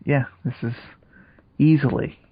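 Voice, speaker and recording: Husky guy on a podcast, dry jokey riffs, muffled lo-fi sound. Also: mid-range voice, steady tone, a little slow. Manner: dry jokey asides, swearing. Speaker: podcast co-host. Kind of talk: casual movie chat.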